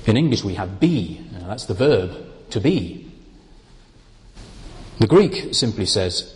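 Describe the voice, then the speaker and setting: A man preaching a sermon, explaining Bible words in a slow, deliberate, emphatic way. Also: fairly low pitch, big pitch swings, in a large hall.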